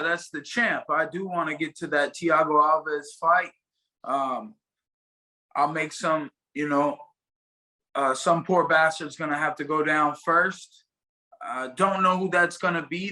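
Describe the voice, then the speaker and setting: Male fighter guest, bright high-ish voice, loose rambling talk on a video call. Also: fairly even intonation, measured pace, poor audio. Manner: rambling, many fillers and restarts. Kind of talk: casual interview chat.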